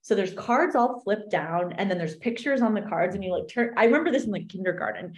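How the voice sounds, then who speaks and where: A woman coach explaining an exercise in an animated podcast chat, acting out little voices in her examples. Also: mid-range voice, fairly quick. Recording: roomy echo.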